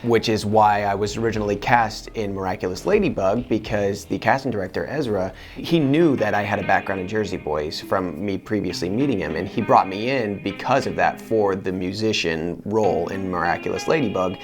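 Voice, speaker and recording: Earnest low-voiced male voice actor. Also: brisk, hardly any pauses, faint music behind. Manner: earnest, animated storytelling. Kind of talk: interview answers to camera.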